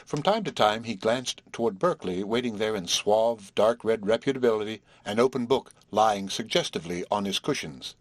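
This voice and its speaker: A man's voice: lowish voice, animated, moderate pace, few pauses, dry recording. A man reading a classic short story aloud as audiobook narration. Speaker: audiobook reader. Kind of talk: scripted narration.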